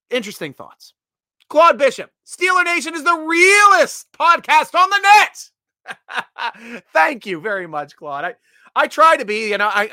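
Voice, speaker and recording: A man's voice: high-pitched, no echo, clean studio sound. A man hosting a casual sports podcast livestream, reading viewer comments with frequent laughs and restarts. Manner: animated, laughs often, many restarts.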